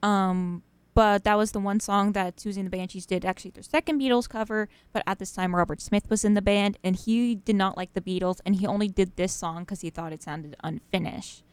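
A woman's voice: medium pitch, steady tone, fairly quick, clean tone, no echo. A young woman hosting college freeform radio, chatting casually and rambling between songs with lots of fillers and laughs. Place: radio studio.

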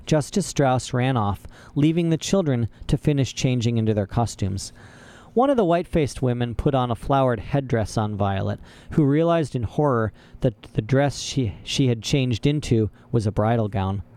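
A man reading an audiobook aloud as narrator, in steady, even storytelling. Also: medium pitch, normal speed. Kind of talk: scripted narration.

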